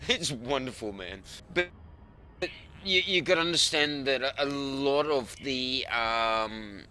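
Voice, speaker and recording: A man's voice: mid-range voice, slow, sharp tone, smooth. A man chatting casually on a gaming stream, boastful and profane, with frequent ums. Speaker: gamer on a voice chat stream. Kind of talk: casual chat about a space game.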